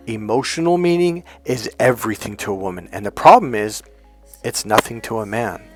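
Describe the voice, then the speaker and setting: A middle-aged man from California giving a blunt, profane, animated dating-coaching talk. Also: mid-range voice. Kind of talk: emphatic coaching monologue.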